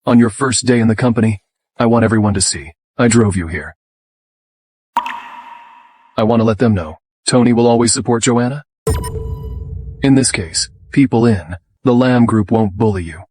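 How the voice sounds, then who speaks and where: An actor voicing a young company president who speaks earnestly and devotedly. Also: male voice, fairly low pitch, moderate pace, long pauses, darkish tone, natural voice. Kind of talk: dubbed drama dialogue.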